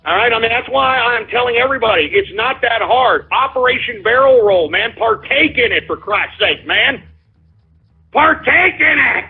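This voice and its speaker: A man hosting a call-in radio show, ranting heatedly with lots of profanity and repetition. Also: high voice. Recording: lo-fi phone-like sound.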